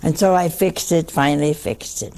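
A woman's voice: low-pitched, moderate pace, darkish tone. An older woman, a nun, telling a wry anecdote to an audience. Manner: wry, anecdotal, with dry asides. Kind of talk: storytelling talk to an audience.

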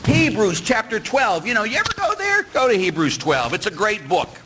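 A man's voice: high-pitched, wildly swooping pitch, normal speed, noisy background. A middle-aged man, a priest, preaching a sermon with rhetorical questions and acted-out voices. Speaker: Catholic priest.

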